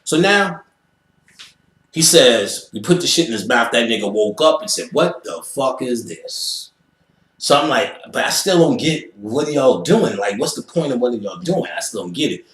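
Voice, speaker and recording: A man's voice: mid-range voice, moderate pace. New guy telling a wild story, voice jumping all over, swears a lot, echoey room. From Queens, New York. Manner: animated, profane, acts out quoted voices. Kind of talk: casual storytelling.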